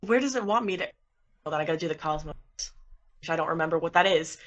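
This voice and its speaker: A woman's voice: deep voice, expressive, fast, a bit bright, lo-fi sound. A woman playing in a tabletop game, rambling playfully and cutting herself off mid-word. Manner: rambling, self-interrupting, playful. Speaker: player. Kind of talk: tabletop role-play chat.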